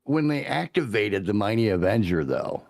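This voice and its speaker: A man's voice: on the low side, very animated, normal speed, vocal fry, darkish tone, dry recording, clean studio sound. A man co-hosting a podcast, casually and enthusiastically recapping scenes, swearing now and then. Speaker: podcast co-host. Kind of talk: casual chat recapping a show.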